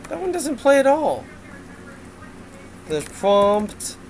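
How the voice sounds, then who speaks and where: A man's voice: very high voice, sing-song, slow, slight background noise, poor audio. A man giving a casual game development update, rambling with lots of fillers and frequent laughs.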